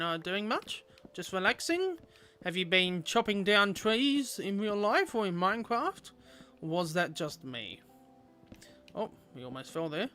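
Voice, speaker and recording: A man's voice: high voice, sharp tone. A young man chatting playfully with viewers while streaming a game. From Australia. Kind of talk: casual gameplay livestream chat.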